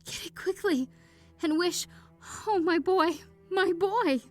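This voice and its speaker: A woman voicing a frantic, grieving old mother who pleads in a high, shrill voice. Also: expressive, unhurried, faint music behind.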